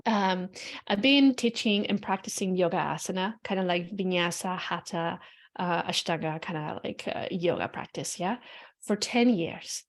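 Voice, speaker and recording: A woman's voice: lowish voice, normal speed. A woman hosting a podcast, talking in a loose, casual, reflective monologue full of "you know" and "like", frank enough to drop the odd swear word. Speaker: podcast host.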